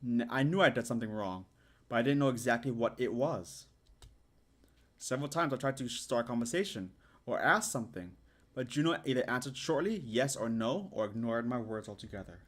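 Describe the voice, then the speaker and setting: A man streaming, reading a story aloud and reacting with excited squeals and joking asides. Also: medium pitch, brisk. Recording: music playing behind the voice. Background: music.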